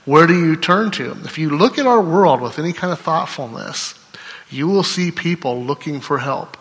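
A middle-aged man, a pastor, giving a conversational sermon full of rhetorical questions and tag questions, sometimes breaking into excited storytelling. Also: on the high side, normal speed, long reverb tail.

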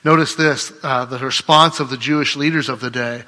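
A man's voice: mid-range voice, steady tone, a little fast, pushed and bright, long reverb tail. A man preaching a sermon in a conversational, emphatic way, full of rhetorical questions. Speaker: pastor.

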